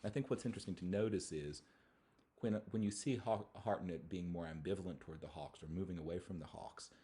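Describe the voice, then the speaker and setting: A male university lecturer giving a thoughtful academic talk on poetry, often pausing and restarting his phrases. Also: low voice, dark tone. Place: lecture hall.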